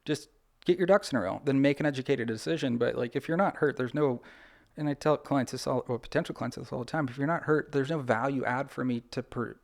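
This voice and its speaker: Gravelly man, animated podcast guest. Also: mid-range voice, fast. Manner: animated, talks things through with lots of "like" and acted-out quotes. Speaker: personal injury attorney, podcast guest. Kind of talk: conversational podcast interview.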